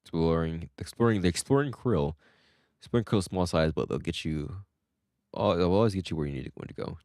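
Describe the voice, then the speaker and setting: A man's voice: sits low, fairly quick, darkish tone, no echo. A man giving rambling, self-joking let's-play commentary into a close desk mic. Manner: rambling, joking, laughs at himself. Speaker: gameplay streamer.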